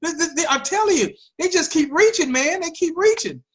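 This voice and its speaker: A woman hosting a political commentary show, talking in an animated way with mocking asides and repeated phrases. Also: very high voice, fairly quick. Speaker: host.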